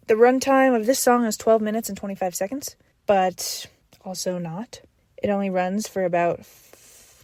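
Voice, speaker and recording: A young woman talks through an album track by track, eager and rambling, often restarting her sentences. Her voice sits at an everyday pitch. The sound is dry and close, with no room around it. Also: darkish tone, no room sound. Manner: rambling, enthusiastic, many fillers and restarts. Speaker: podcast host reviewing an album. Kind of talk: casual solo album review.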